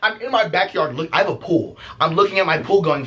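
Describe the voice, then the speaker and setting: A young man casually telling a story as a vlogger, profane and animated, laughing often. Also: a little high, fast, lo-fi sound.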